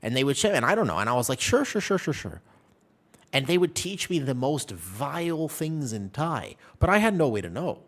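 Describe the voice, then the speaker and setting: A man chatting casually with his viewers while streaming a game, telling stories in an animated way. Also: mid-range voice, brisk, hardly any pauses.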